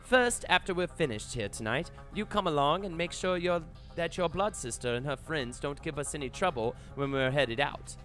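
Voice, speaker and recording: A man's voice: on the high side, expressive, normal speed, hardly any pauses, fairly bright tone, soft background music. A man voicing an earnest young male leader in a game read-along.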